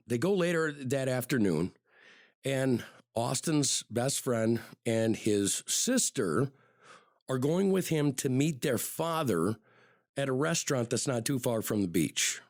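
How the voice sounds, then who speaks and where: A man's voice: mid-range voice, darkish tone, no room sound, clean studio sound. A man hosting a podcast, telling a true-crime story in a loose, conversational way, often repeating words and saying "you know". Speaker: podcast host.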